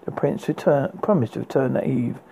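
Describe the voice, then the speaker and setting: Gravelly man reading a fairy tale. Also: medium pitch, fairly quick, dark tone, a little hiss or hum, poor audio. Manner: unpolished reading with frequent stumbles and restarts. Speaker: narrator. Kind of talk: storybook reading.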